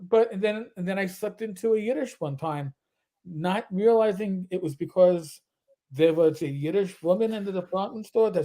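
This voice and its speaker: A man's voice: high voice, moderate pace, dark tone. A man from New York with a New York accent, a former police officer and podcast co-host. He tells stories animatedly, slipping into voices, with stammering restarts. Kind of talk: casual storytelling chat.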